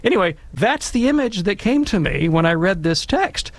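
Middle-aged man, gravelly and slightly high-pitched, animated storyteller who acts out scenes. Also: moderate pace, no room sound. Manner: animated storyteller, acts out voices with sudden loud outbursts. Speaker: podcast guest speaker on Catholic scripture. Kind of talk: conversational storytelling and commentary.

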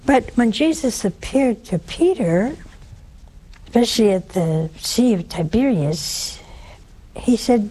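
A woman preaching a sermon in a conversational, dramatic way. Her pitch swings sharply, and she sometimes drops to hushed asides. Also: expressive, slow pace, breathy edge. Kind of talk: sermon to a live and broadcast audience.

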